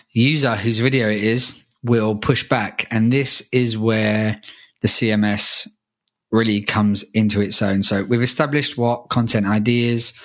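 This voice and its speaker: A man co-hosts a casual podcast, guiding the talk with questions and dropping in light joking asides. His voice sits somewhat low. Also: fairly bright tone. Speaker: podcast co-host.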